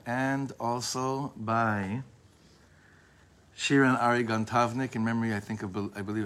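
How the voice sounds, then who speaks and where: A man giving an informal Torah class to a live group, talking in a discursive way, often breaking off and restarting his sentences, and slowing down to repeat key phrases. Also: fairly low pitch, a bit bright, a little hiss or hum. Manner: leans on a phrase by repeating it slowly. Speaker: Torah teacher.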